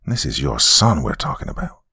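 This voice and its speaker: A man's voice: very animated, fairly quick, bright, forceful tone, slightly rough, dry recording, exaggerated voice. A man voicing a stern older grandfather who speaks bluntly and moodily. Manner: low, blunt and moody.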